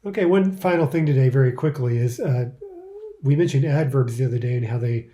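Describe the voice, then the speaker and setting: A man teaching a recorded language lesson, explaining in English and reading out example phrases slowly. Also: medium pitch, mellow.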